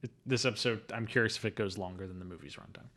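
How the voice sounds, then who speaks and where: A man's voice: lowish voice, racing. A man hosting a casual movie podcast, joking and talking animatedly with his co-host. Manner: animated, jokey, slips into silly voices.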